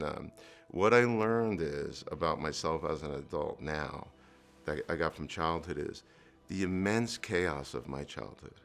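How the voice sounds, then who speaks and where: A man's voice: deep voice, creaky, fairly bright tone. A middle-aged man from New Jersey telling his life story in an earnest interview, with fillers and restarts. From New Jersey, USA. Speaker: entrepreneur guest.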